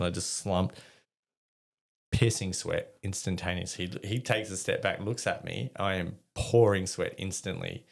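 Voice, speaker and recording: This podcast guest, a middle-aged army veteran from Australia, has a deep, creaky voice. He tells a casual story with plenty of fillers and curses freely along the way.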